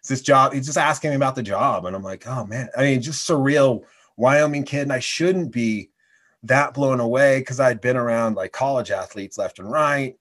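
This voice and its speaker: A man hosting a casual chat, telling quick, excited anecdotes. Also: mid-range voice.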